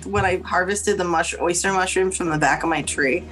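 A woman's voice: lowish voice, fairly even intonation, a little fast, over music. A young woman co-hosting a podcast, talking animatedly and swearing freely in casual chat. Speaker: podcast co-host.

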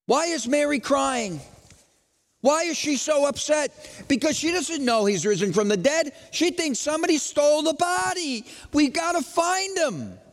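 Pastor guy preaching, high voice that swings all over, big hall echo. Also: lively intonation, moderate pace. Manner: dramatic, swings from loud questions to hushed lines. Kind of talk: Easter sermon.

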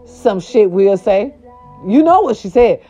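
A woman's voice: a little slow, faint music behind. A woman hosting a casual gossip talk show, sassy and dramatic, with slangy, playful delivery. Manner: animated, sassy, slangy, dramatic pitch swings. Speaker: show host. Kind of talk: casual celebrity gossip monologue. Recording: dull lo-fi audio.

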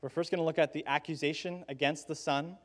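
A middle-aged male pastor preaches in a casual, conversational way, and his voice sits a little on the high side. He slows down for dramatic pauses and acts out the quoted lines with feeling. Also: steady tone. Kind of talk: sermon.

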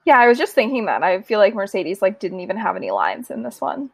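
A woman's voice: medium pitch, wildly swooping pitch, quick pace, slightly rough, no echo. A woman co-hosting a casual chat, agreeable and filling in details, tired and yawning. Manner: agreeable, fills in show details. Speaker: podcast co-host.

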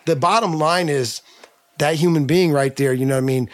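Fast-talking man telling a story. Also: fairly high pitch. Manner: rapid, slangy, repeats words as he restarts. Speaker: podcast guest. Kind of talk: conversational storytelling.

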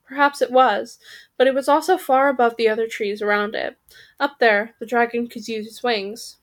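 A woman's voice: a little high, steady tone, moderate pace. A woman reading a children's fantasy story aloud, voicing the characters and stopping to correct her own slips.

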